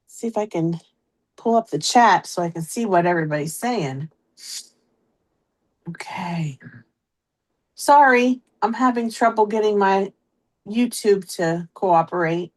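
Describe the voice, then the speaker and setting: A woman with a Pittsburgh accent hosts a live craft stream, chatting casually and greeting viewers by name. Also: mid-range voice. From Pittsburgh, USA. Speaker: host of a live stamping stream.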